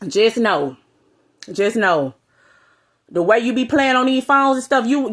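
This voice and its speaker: Woman, fairly high voice, blunt, profane, direct-to-camera rant. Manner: blunt, profane, calls out listeners with "you hear me?". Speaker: vlogger.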